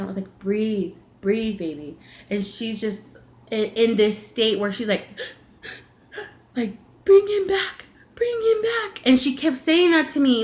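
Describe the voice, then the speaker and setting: A young adult woman vlogger telling a personal story in a confiding, emotional way. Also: fairly high pitch.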